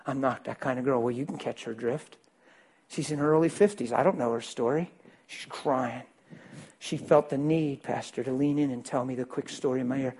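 A man preaching as a pastor, telling a story to his congregation, swinging between loud bursts and hushed, quiet lines. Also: mid-range voice, normal speed, breathy edge. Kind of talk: sermon storytelling.

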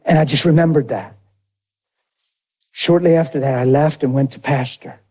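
A middle-aged man preaching, his voice husky and set a little high for a man. He tells a personal story from the pulpit in an earnest, conversational way, with a warm, mellow tone. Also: steady tone, normal speed, rough recording. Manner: earnest, conversational retelling with quoted dialogue. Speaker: pastor. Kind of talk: sermon testimony storytelling.

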